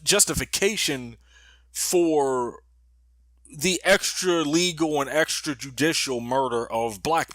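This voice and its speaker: Male commentator, bright and higher-pitched, sarcastic conversational delivery. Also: no echo. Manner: conversational, sarcastic, with frequent restarts and fillers. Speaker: commentary video host. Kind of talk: casual political commentary.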